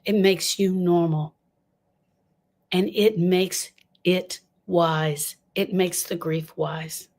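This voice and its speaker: A woman's voice: on the low side, fairly even intonation, drawn-out words, darkish tone. An older woman giving an impassioned talk on grief, emphatic and repeating lines for stress as she speaks straight to her listeners.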